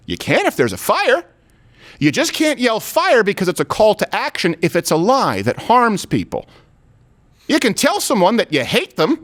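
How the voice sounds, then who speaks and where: A man hosting a political commentary show, talking in a sarcastic, animated way, with loud high bursts and low asides. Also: normal speed. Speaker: host.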